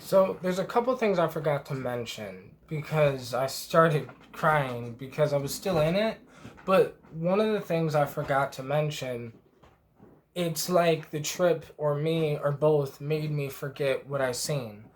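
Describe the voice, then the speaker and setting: A man's voice: fairly high pitch, unhurried, slight background noise. A man vlogging a rambling first-person trip report, emotionally stirred and swearing freely with many fillers.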